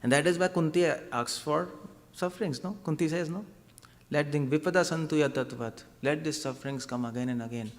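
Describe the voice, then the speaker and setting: A man's voice: a little high, brisk, big-room sound. A man giving a devotional lecture as a preacher, conversational and often asking his audience questions. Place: temple hall.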